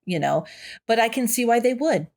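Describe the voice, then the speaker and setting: A woman's voice: fairly high pitch, expressive, moderate pace, darkish tone. A woman co-hosting a horror movie podcast in casual chat, swearing freely and laughing often. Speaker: podcast co-host.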